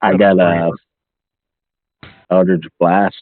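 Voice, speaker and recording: A man with a lowish voice playing a tabletop game speaks slowly in terse, clipped remarks. The sound is dry and comes through a thin, phone-like call line. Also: level tone, dry recording. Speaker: player. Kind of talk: casual tabletop play. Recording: dry, tinny online call audio.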